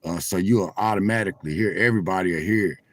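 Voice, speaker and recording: Speaking quickly in a low-pitched voice, a man livestreams from his phone inside a car parked at a truck stop. He chats straight to his audience in a casual way, swelling like a preacher, and there's no echo.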